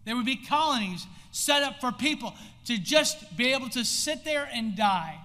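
This American pastor speaks at normal speed in an animated way, his high male voice echoing through a reverberant church sanctuary. As the sermon goes on, his intensity rises and he shouts without warning, with long hall reverb throughout.

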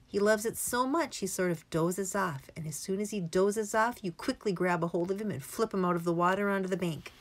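A woman's voice: medium pitch, fairly quick, few pauses, natural voice. A woman reading aloud, voicing a mischievous, talkative little old male country doctor. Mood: chatty. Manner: chatty, mischievous storytelling. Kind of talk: audiobook character reading.

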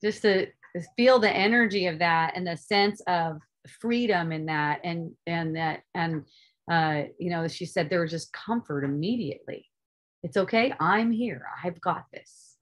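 Speaking without hurry in a fairly low voice, this woman earnestly teaches spiritual ideas to an online group. Loud emphasis alternates with gentle asides, and casual profanity slips in.

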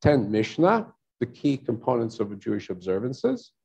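A rabbi giving a teaching talk to a congregation, lecturing in an explaining tone and often checking in with "right?". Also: male voice, medium pitch, very animated, normal speed, creaky, darkish tone, slightly rough, muffled recording. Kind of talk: teaching talk at a synagogue service.

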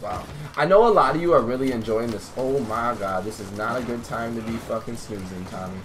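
A man's voice: mid-range voice, brisk, a little hiss or hum. A young man giving live commentary over his own gameplay, talking to viewers, swearing, and getting hyped at his teammates. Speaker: gaming YouTuber.

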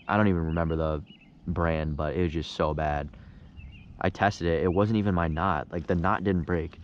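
A young man vlogging from a kayak on a lake, talking casually and getting frustrated or excited over his catches. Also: on the low side, muffled recording, slight background noise. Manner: frustrated, excitable, swears mildly, says "bro". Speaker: fishing vlogger. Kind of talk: casual on-the-water vlog.

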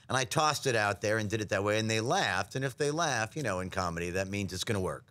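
A man from New York, a voice actor guest telling animated stories in a casual interview, slipping into impressions. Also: on the low side, fast, few pauses. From New York, USA. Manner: animated storyteller, slips into impressions.

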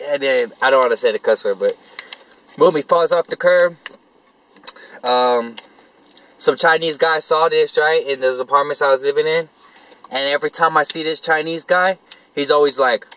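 A man's voice: fairly high pitch, normal speed, pauses often, a bit bright, poor audio. A young man vlogging, telling a rambling story to camera in profane street slang.

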